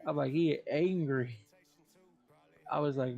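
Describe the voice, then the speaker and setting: A man with a slightly high voice tells gaming stories on a stream, swearing freely and laughing as he goes. The audio is dull and lo-fi. Faint music plays behind him. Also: normal speed, a little mellow. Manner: profane, laughs often while telling stories. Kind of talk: casual gaming story chat.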